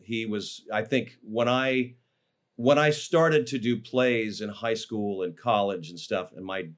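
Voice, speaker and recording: A man, an actor, telling stories about his life in a casual interview, rambling with fillers and restarts. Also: lowish voice. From Los Angeles, USA.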